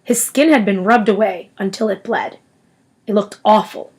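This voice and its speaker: A woman reading a novel aloud in an expressive storytelling manner. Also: mid-range voice, normal speed, slightly rough, poor audio. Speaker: audiobook reader.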